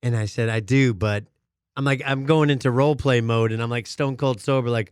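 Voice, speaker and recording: A man's voice: mid-range voice, steady tone, fairly quick, smooth, dry recording, studio quality. A man co-hosting a podcast in a boisterous, casual chat, laughing often. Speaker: podcast co-host.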